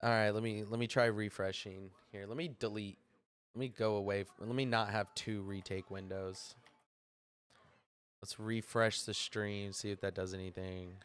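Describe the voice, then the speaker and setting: A man's voice: fairly low pitch, fairly even intonation, moderate pace, a bit bright, clean tone. A man hosting a casual livestream, rambling to chat while sorting out stream lag. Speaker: livestream host.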